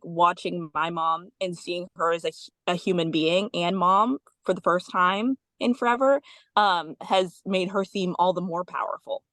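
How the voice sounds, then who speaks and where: A young woman, a daughter on a panel, speaking reflectively in casual talk with frequent pauses. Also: on the low side, fairly bright tone, no echo.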